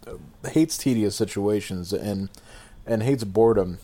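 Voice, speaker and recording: A man's voice: on the low side, a little slow, warm tone. A man co-hosting a podcast in casual chat, rambling, laughing often and swearing. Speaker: podcast co-host.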